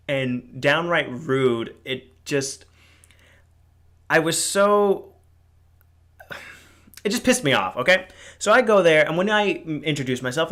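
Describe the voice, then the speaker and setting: A man's voice: a little high, a bit bright. A young man hosting a casual solo podcast, telling a rambling story with lots of fillers and swearing. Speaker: podcast host. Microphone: podcast mic.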